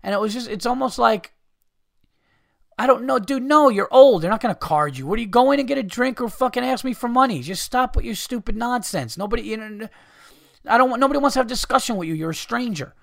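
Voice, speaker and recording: A man's voice: very high voice, lively intonation, fast talker, gravelly, dry recording, studio quality. A man hosting a podcast, ranting in a profane, exasperated way. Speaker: podcast host. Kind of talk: casual ranting monologue.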